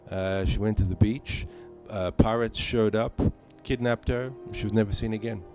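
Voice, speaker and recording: Deep mellow-voiced man streaming a game. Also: steady tone, normal speed, soft background music. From Malta. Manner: rambling, chatty, many fillers. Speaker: gaming streamer. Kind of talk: casual live-stream chat while gaming.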